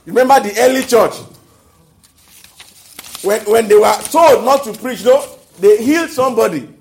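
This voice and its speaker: A man with a Nigerian accent preaching a sermon, animated, often calling out to the congregation and laughing. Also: very high voice, a little slow, roomy sound.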